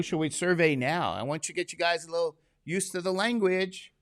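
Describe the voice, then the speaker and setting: A man with a fairly high voice lectures briskly to his class. Sleepy from medication, he nonetheless jokes a lot and keeps asking the students questions.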